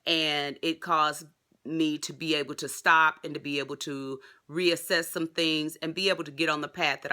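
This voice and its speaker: A woman with a drawl chats excitedly to her viewers in a casual vlog. Her voice is very bright and forward, and she keeps calling them y'all. The delivery stays loose and talkative, with fillers along the way. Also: low-pitched. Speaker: vlogger.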